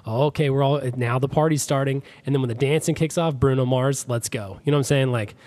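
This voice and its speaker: A young man chatting casually on a podcast about his wedding plans, rambling and self-deprecating with quick asides. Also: mid-range voice, darkish tone. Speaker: podcast guest, groom.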